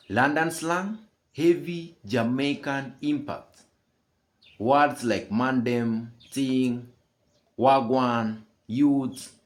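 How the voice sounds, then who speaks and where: A man delivering scripted commentary as a channel host, emphatic and full of rhetorical questions. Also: medium pitch.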